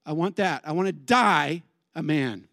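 Animated, high-voiced male preacher. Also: a little slow, no echo, studio quality. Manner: animated, conversational, asks the crowd questions. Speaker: pastor. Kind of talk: sermon.

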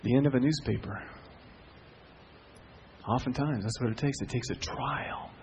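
A middle-aged man preaching a sermon as a pastor, telling stories with swings from hushed to loud. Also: mid-range voice, moderate pace, slight background noise.

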